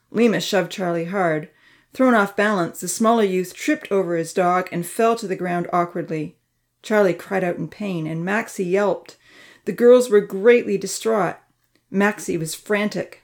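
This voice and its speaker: A woman narrates a children's storybook with a somewhat low voice. She reads in an expressive storytelling manner, raising her pitch for the characters' dialogue.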